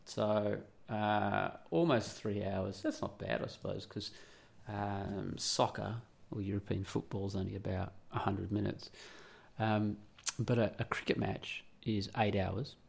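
A man's voice: lowish voice, steady tone, unhurried, creaky, breathy edge. An Australian man hosting a podcast in a rambling, blunt monologue, swearing freely. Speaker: podcast host. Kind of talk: casual opinionated monologue.

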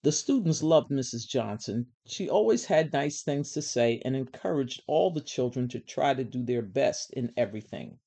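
Woman reading a kids' story, calm and gentle, mellow voice. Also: extremely low pitch, gravelly. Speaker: storybook reader.

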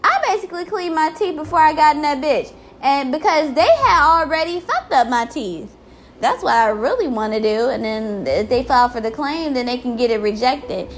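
A woman's voice: sits high, animated, moderate pace, slight background noise. A woman ranting in a casual vlog, exasperated and full of swearing.

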